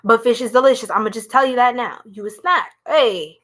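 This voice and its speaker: A woman's voice: a little high, brisk, fairly bright tone. A young woman, doing a live tarot reading in a playful, goofy, slangy way and laughing often. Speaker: tarot reader.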